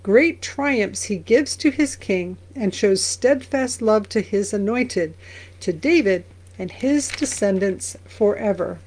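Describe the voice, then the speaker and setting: A woman pastor who reads verses aloud slowly and then explains them in a conversational way. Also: medium pitch, animated, a little mellow, a little hiss or hum. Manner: briefly sings lines of an old song. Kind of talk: Bible reading and commentary.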